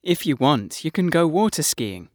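A man reading the lines of an ordinary adult man in scripted exam dialogues, with clear, careful delivery. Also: on the high side, very animated, moderate pace, darkish tone, no echo, studio quality. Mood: plain. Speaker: dialogue actor in a listening exam.

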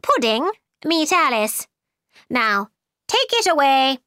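A woman's voice: high voice, big pitch swings, takes it slowly, bright, forceful tone, no echo, clean studio sound, pitched above the performer's own voice, heavily acted. A woman voicing a bossy, imperious queen who gives commanding, clipped orders in a storybook reading.

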